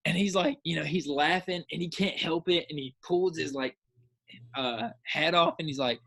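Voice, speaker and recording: A man co-hosting a podcast, chatting casually and excitedly, rambling with lots of filler and acting out his own reactions. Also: a little high, moderate pace, vocal fry, husky. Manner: repeats filler words. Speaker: podcast co-host. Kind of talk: casual chat.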